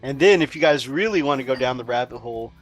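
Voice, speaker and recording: A man's voice: mid-range voice, animated, fast, faint music behind. A man co-hosting a casual livestream, reading out viewer comments and teasing the others. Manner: reads out chat comments, teasing. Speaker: podcast co-host.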